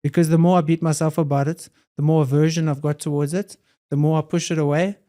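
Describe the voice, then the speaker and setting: Earnest man, soft warm tone. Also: a little high, flat delivery, fast talker. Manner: reflective, earnest, repeats phrases. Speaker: podcast guest, hybrid athlete. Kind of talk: casual conversation.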